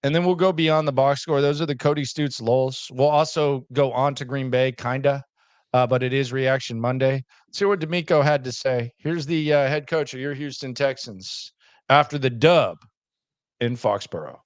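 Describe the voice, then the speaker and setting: A man's voice: mid-range voice, normal speed, no room sound. A man hosting a sports podcast, blunt and teasing, reading out viewer comments and steering the show. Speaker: podcast host. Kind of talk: casual sports talk.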